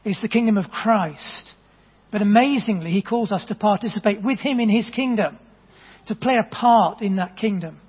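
Husky high-voiced preacher. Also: male voice, moderate pace. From England. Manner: earnest, storytelling, conversational with gentle asides. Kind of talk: sermon. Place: church hall. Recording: dull, long reverb in a church hall.

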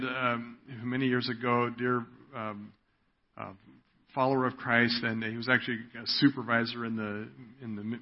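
A man preaching a sermon in an earnest way, often checking in with "right?". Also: mid-range voice. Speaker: pastor. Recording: dull lo-fi audio.

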